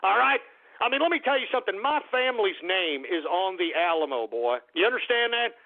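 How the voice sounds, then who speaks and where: Combative male radio host, high voice, narrow tinny sound. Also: expressive, fairly quick, gravelly. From Texas. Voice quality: combative, ranting, calls listeners "boy". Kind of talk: ranting talk radio. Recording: tinny phone-like audio.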